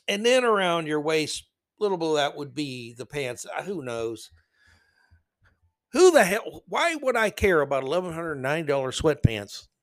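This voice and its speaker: A man's voice: on the high side, dry recording. A man hosting a solo podcast, reading news stories aloud and mocking them with sarcastic asides. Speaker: podcast host.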